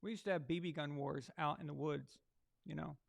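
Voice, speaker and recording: A man's voice: on the high side, fairly even intonation, a little fast, vocal fry. A man hosting a live sports stream, ranting crudely and mockingly while he watches a game. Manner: mocking, sarcastic asides. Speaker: sports livestream host.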